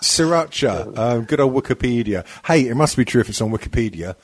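Swearing podcast host, lively. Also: male voice, medium pitch, fairly quick, slightly rough, no echo. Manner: swearing, laughing, mocking. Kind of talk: crude banter.

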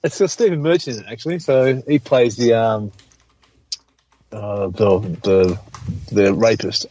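A man's voice: on the low side, unhurried, warm tone, highs cut off. A man chatting casually on a podcast, rambling and hesitant, often swearing. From Australia. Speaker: podcast co-host. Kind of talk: casual chat.

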